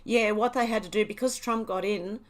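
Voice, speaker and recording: An Australian woman hosting a casual livestream, reading viewer comments aloud and chatting back in a relaxed way. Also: medium pitch, normal speed. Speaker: livestream host. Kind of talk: casual live chat reading.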